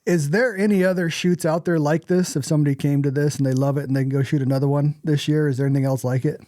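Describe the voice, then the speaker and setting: A podcast host with a fairly high voice asks his guests questions in an easygoing way. The recording is dry and close. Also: steady tone, fast, warm tone, dry recording. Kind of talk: casual podcast interview.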